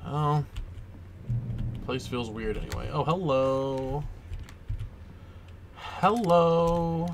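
A man hosting a let's play, giving casual gameplay commentary and breaking into excitable, swearing, panicked outbursts. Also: on the high side, very slow, long pauses, slight background noise.

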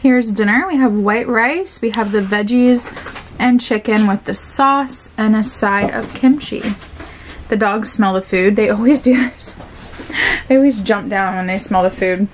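A woman's voice: medium pitch, unhurried, a little hiss or hum. A young woman narrating a casual cooking vlog from her home kitchen, chatty and upbeat and laughing often. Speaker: food vlogger.

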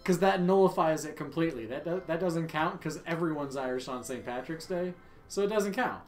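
A young man livestreaming a game, chatting casually with viewers, loud and joking with free swearing. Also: on the high side, brisk, soft background music. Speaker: livestream gamer. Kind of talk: casual stream chat. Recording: echoey room, faint ambience.

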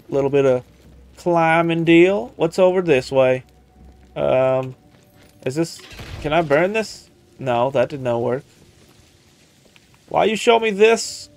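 Guy streaming a game, kinda high voice, talks to the screen, goofy fake country accent. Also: creaky, a little mellow. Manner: chatty, talks to the game, exclaims and mutters; playful put-on country accent. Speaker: gaming streamer. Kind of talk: casual let's-play commentary.

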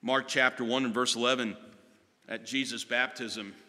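A man preaching a sermon as pastor, moving from hushed words to loud ones and slowing down hard on key phrases. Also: mid-range voice, steady tone. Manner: impassioned, swinging from hushed to loud with slow emphatic phrases. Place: church sanctuary. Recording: long reverb of a church sanctuary.

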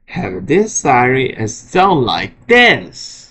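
A man presenting his alarm sirens in a casual show-and-tell vlog, often halting and restarting his sentences. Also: mid-range voice, wildly swooping pitch, fairly bright tone, slight background noise. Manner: halting, frequent restarts and repeated words. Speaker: vlogger showing alarm sirens.

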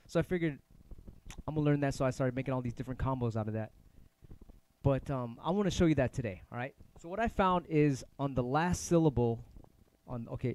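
A man's voice: mid-range voice, a little mellow, a little hiss or hum. A middle-aged man teaching turntable scratching in a casual livestream lesson, rambling loosely and swearing offhand. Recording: music playing underneath. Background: turntable music.

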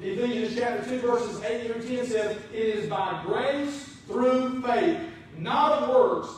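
High-voiced preacher in an echoey church. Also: male voice, slow pace, a little hiss or hum. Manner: emphatic preaching, swings between loud and soft. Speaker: pastor. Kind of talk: sermon. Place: church sanctuary. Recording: very echoey, from a distance.

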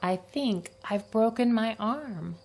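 A woman voicing a prim, strict woman librarian in a storybook, speaking slowly and precisely. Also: a little high, expressive, a little mellow, slightly rough, full character voice. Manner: slow, precise, raised for calls.

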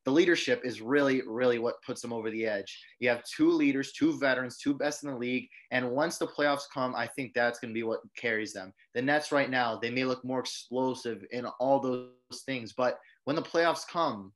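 A man's voice: mid-range voice, moderate pace, hardly any pauses. A man with a mid-range voice co-hosts a casual sports podcast. He builds his case step by step, reasoning through one point after another. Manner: lays out his argument point by point.

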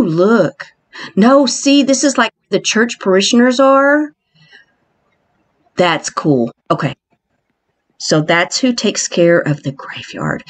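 A woman hosting a playful island tour in a game, excitable and mock-scared, exclaiming often. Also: medium pitch. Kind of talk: playful game walkthrough narration.

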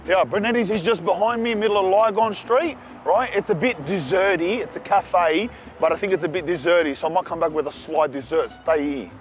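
An Australian man reviewing food in a casual vlog, talking in an excitable, slangy way. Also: high voice, a little fast, few pauses, soft background music. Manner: slangy and excitable, calls the viewer "cuz". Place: cafes and city streets.

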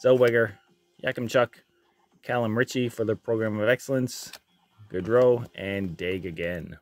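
A man opening trading card packs on his channel, reading out each card and getting loudly excited and swearing at the big pulls. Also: lowish voice, moderate pace. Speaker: card breaker. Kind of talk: casual card-opening vlog.

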